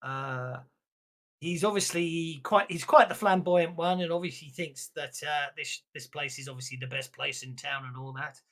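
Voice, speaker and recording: Game master, halting narration, middle pitch. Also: a bit bright. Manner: rambling, halting, with laughs.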